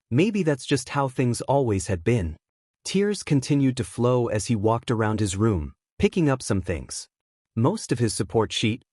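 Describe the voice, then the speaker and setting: A man reading a fan fiction story aloud in a steady storytelling manner. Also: medium pitch, no room sound, clean studio sound.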